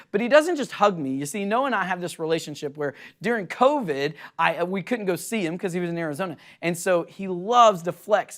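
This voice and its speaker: A young adult man preaching a sermon, earnest and animated, acting out quotes in an excited voice as he tells stories. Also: sits high. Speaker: pastor.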